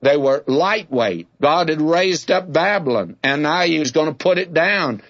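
A man's voice: fairly high pitch, animated, a little slow, a bit bright, highs cut off. A man teaching a Bible sermon in a folksy, plainspoken way, calling his listeners friends and telling homespun stories. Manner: folksy, tells homespun anecdotes.

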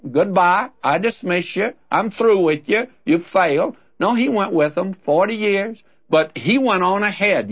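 A man's voice: high-pitched, muffled recording. A man teaching through a Bible passage in an earnest, conversational preaching manner, speaking straight to the listener.

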